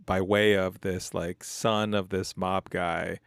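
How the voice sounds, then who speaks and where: Very deep, gravelly man podcasting. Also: level tone, slow pace, dry recording, studio quality. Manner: easygoing, hedging, many fillers. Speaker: podcast co-host. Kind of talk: casual chat.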